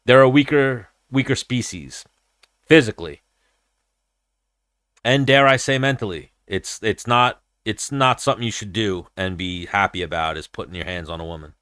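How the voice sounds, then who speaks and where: A man's voice: on the low side, lively intonation, moderate pace, fairly bright tone, clear, resonant tone, dry recording, clean studio sound. A man hosting a combat-sports podcast, talking in a blunt, profane, rambling way. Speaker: podcast host. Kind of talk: casual combat-sports chat.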